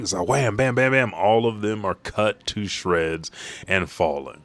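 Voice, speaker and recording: A man hosting a live read-along of a comic, excited, slangy and profane. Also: on the low side, measured pace, dry recording. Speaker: host.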